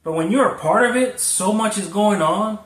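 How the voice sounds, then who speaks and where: A man's voice: high-pitched, moderate pace, far from the mic. A man, a food delivery driver, telling a story in a rambling, conversational way with frequent cursing. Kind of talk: casual storytelling vlog. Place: Florida. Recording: echoey, from away from the mic.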